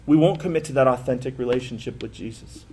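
Middle-aged male pastor, mid pitch, chatty sermon delivery with punchy emphatic bursts. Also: fast talker, mellow, a little hiss or hum. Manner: conversational, self-deprecating, with rising emphatic bursts. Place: church sanctuary.

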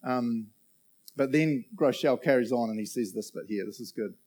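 A man's voice: mid-range voice, normal speed, darkish tone. A man preaching a casual sermon, joking around and checking in with the crowd after almost every point. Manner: chatty and jokey, keeps checking in with the crowd.

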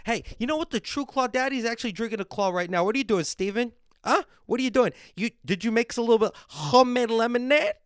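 Swearing ranting man, smooth dry voice. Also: very high voice, animated, quick pace, no room sound. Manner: swears constantly, ranting and riled up; drinks on air and reads viewer comments. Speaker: podcast host. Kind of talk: profane livestream rant. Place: at home.

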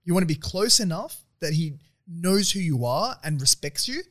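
A man's voice: on the high side, lively intonation, fairly bright tone. A young man co-hosting a casual chat, arguing his points eagerly. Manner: rapid, eager, argumentative.

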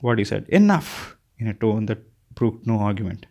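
A man reading a novel aloud as an audiobook narrator, with a steady delivery and occasional slips. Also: lowish voice, brisk, gravelly. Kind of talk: scripted narration.

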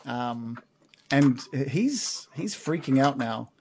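A man running a tabletop game as game master, narrating in a halting way with many pauses, then speeding up. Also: mid-range voice, animated, darkish tone, a little hiss or hum. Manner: halting, many fillers and restarts, then quick bursts.

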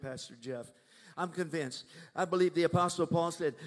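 An older man preaching to a congregation, moving between hushed asides and loud proclaiming, and asking the crowd if they follow. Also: on the high side, fairly quick. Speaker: minister. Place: church sanctuary. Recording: long church hall reverb.

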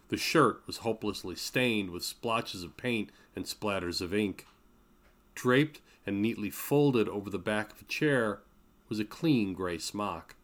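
Low-voiced man narrating a novel. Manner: measured, steady reading. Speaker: author reading his novel. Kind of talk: audiobook narration.

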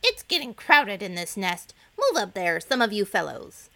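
A woman's voice: medium pitch, sing-song, moderate pace, pushed and bright. A woman voicing a grumpy, bossy young egg in a storybook reading. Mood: angry. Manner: angry, bossy. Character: grumpy oldest egg, a boy.

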